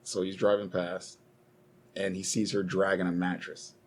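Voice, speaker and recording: A man's voice: low voice, flat delivery, normal speed, slight background noise. A young man co-hosting a casual podcast, rambling and swearing as he argues and tells stories. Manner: profane, rambling, heated storytelling. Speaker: podcast co-host.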